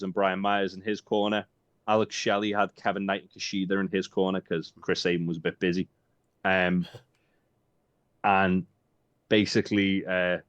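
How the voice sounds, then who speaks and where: A man's voice: low-pitched, dry recording. A man co-hosting a casual podcast, rambling and joking with lots of swearing and filler ums. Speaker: podcast co-host. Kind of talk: casual chat. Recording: dull dry lo-fi sound.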